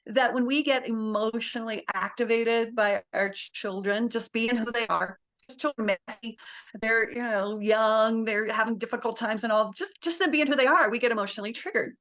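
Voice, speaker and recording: Woman speaking with a higher voice, laughing often. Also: normal speed. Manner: warm, laughs often, acts out quotes. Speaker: parenting guest speaker. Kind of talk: casual interview talk.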